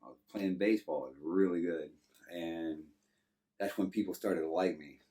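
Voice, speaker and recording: A Texan man in his thirties recounts his past in an easygoing, meandering way, leaning on "you know" as he goes. His voice sits very low. The mic is a little distant from him. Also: moderate pace, dark tone. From Texas. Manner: loose and rambling, many "you know" fillers. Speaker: guest. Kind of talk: casual life-story telling.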